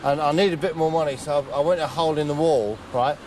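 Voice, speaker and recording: A man's voice: a little high, fairly even intonation, fast, darkish tone, a little hiss or hum. Rambling man, comic monologue. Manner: rambling, chatty, frequent fillers and "right?". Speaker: comedy host. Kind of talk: deadpan comic monologue in character.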